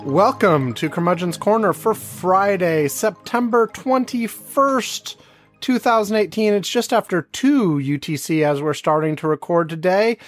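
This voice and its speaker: A man hosting a podcast in casual chat, teasing his co-host in a calm way. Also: high-pitched, a little slow, faint music behind.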